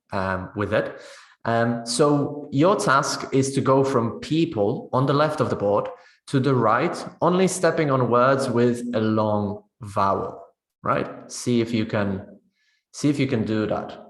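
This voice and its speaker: A man's voice: mid-range voice, animated, slow pace, reverberant. A man leading a teacher-training session on pronunciation, explaining step by step and often checking in with "right?". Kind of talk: webinar teaching demonstration.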